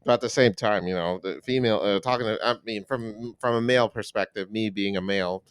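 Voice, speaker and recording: A young man co-hosting a podcast, chatting casually and swearing freely. His voice sits low and smooth, recorded dry and close. He slips into mocking voices for laughs. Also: fairly quick, dry recording. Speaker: podcast co-host. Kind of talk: casual chat.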